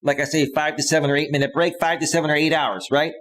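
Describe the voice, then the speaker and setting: A man's voice: on the high side, little pitch movement, quick pace, a bit bright. Heated man in his thirties ranting live. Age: 30s. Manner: heated, combative, repeats phrases. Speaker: live stream host, life coach. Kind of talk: ranting live stream monologue. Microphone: close studio microphone with a limiter.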